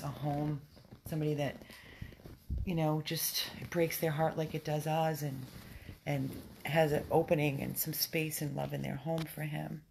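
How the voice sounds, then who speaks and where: A woman's voice: low voice, gravelly, a little mellow, slight background noise. A woman running a dog rescue, giving an earnest, upset live update indoors at home, answering viewers as she pleads for help. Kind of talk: live video update, reading viewer comments.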